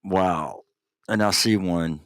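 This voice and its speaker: Male podcast co-host; slow, smooth delivery with brief reactions. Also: sits low, no room sound. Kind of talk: casual chat.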